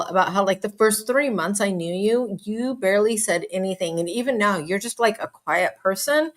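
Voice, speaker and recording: Woman host, mid-pitched, hyper and chatty, casual live chat read from viewer comments. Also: a bit bright. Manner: bubbly, hyper, talks fast with lots of asides and laughs. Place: home.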